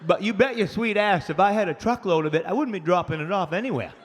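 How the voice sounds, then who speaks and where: Speaking fast in a high voice, a Maine-accented comic from Maine tells crude stories on stage, loudly imitating the people in them. The live club recording carries long reverb, faint ambience, and a little hiss or hum.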